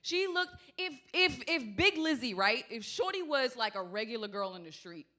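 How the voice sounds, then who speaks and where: Brash profane woman comic, fairly high voice. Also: big pitch swings, moderate pace, pushed and bright. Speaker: stand-up comedian. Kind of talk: stand-up comedy storytelling.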